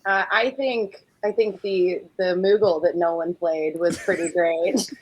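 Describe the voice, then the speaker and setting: A woman's voice: on the low side, steady tone, a little slow, rough recording. A woman player chatting casually, a little hesitant and laughing now and then. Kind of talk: casual chat.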